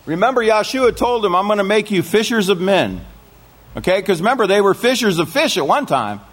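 A man's voice: sits high, very animated, a little fast, fairly bright tone. A man giving a sermon to a congregation, reading scripture aloud and often checking in with his listeners through questions. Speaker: congregation teacher.

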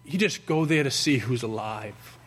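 Wise, friendly old man in his 70s as a man quotes him, slow earnest advice, hall echo. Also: mid-range voice, husky, pitched below the performer's own voice, natural voice. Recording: long hall reverb.

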